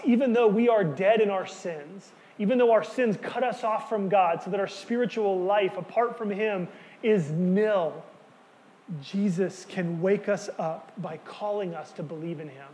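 A man preaching a sermon, earnest and emphatic, dropping to quiet words for key lines. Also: high-pitched, a little slow, in a large hall. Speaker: pastor.

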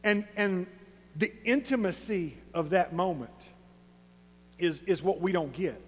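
A man with an East Texas accent preaching a sermon as a pastor, conversational and emphatic, with animated storytelling. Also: sits high, a little slow. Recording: long reverb of a large hall.

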